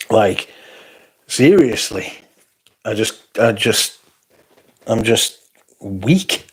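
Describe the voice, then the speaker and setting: A man's voice: fairly low pitch, lively intonation, very slow, pauses often, breathy edge. Tired male streamer, rambly and self-mocking, chatting casually through viewer comments. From North East England. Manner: rambling, self-deprecating, frequent yawns and interjections. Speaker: livestream host. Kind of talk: casual livestream chat reading viewer comments.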